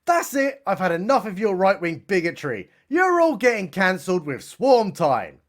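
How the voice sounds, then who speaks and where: A man's voice: sits high, sing-song, normal speed. A man voicing a smug villain in a mocking parody, barely changing his own voice. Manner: mocking, sarcastic.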